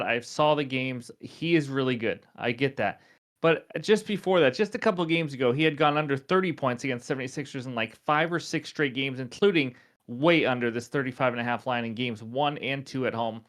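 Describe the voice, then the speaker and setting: A man's voice: mid-range voice, fairly bright tone. A young man hosting a sports betting picks show, chatty and self-deprecating with frequent fillers.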